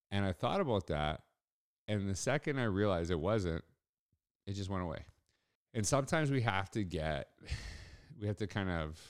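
A man's voice: deep voice, clear, resonant tone. A middle-aged man hosting a solo podcast, telling a personal story in a casual, rambling way with restarts. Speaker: podcast host.

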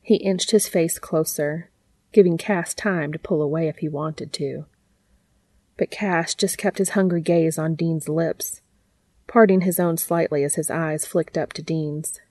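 A woman reading fiction aloud in a soft, unhurried, intimate way. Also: low-pitched, steady tone, no echo.

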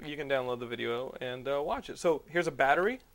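A man hosting a radio show, chatting casually and excitably, swearing freely as he banters with guests. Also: medium pitch, quick pace. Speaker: show host.

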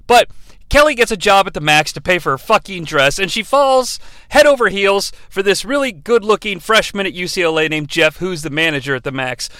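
A man's voice: sits high, fairly quick, sharp tone, clear, resonant tone, dry recording. A man hosting a comedic podcast, rambling and profane, often interrupting himself and laughing. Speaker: podcast host. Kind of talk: comedic solo podcast riff.

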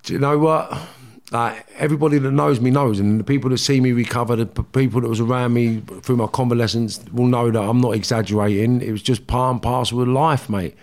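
A man, a guest telling blunt, animated stories in a casual interview and swearing freely. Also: medium pitch, quick pace, hardly any pauses.

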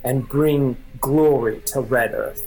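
A sinister king speaks from the shadows of his throne, as a man puts him on in a tabletop role-play. Every word comes slow and deliberate, commanding and menacing, a little lower and quieter than the narrator's own voice. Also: faint music behind, rough recording.

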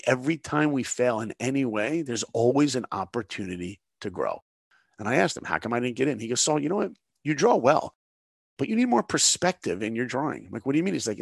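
A man's voice: medium pitch, gravelly, no room sound, clean studio sound. A middle-aged man from New York, a guest in an interview, telling a story and acting out the voices in it. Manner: animated storyteller, acts out dialogue.

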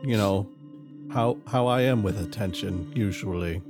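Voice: deep voice, measured pace, music in the background. A player in a tabletop game who reasons out points in an argumentative way.

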